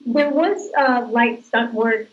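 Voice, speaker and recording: A woman's voice: on the high side, takes it slowly, lo-fi sound. A woman actress giving casual, chatty interview answers, laughing as she tells stories. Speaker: actress guest.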